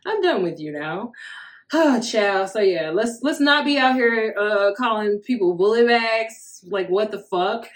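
A woman's voice: mid-range voice, expressive, unhurried. A woman in her thirties hosting a solo podcast, talking candidly and profanely in a casual monologue, often laughing as she tells stories. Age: 30s. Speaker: podcast host.

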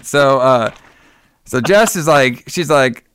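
A man talking casually through a film's plot, full of fillers and swearing. He keeps breaking into louder, higher voices to act out the characters. The sound is dry and close. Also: slow pace, clear, resonant tone, dry recording. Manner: animated retelling, acting out lines in raised voices, swears freely. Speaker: podcast co-host recapping a film. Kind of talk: casual film recap chat.

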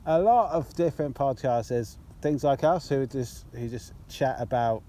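A man's voice: mid-range voice, moderate pace, warm tone, a little hiss or hum. A British man co-hosting a podcast in casual chat, drunk, rambling, laughing often and stumbling over his words. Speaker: podcast co-host.

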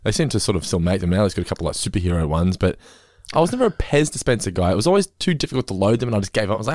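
Man, 30s, Australian accent, podcast co-host, animated storyteller, varied pitch. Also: racing, dry recording, clean studio sound. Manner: animated storytelling, swears casually, acts out quoted people. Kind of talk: casual chat.

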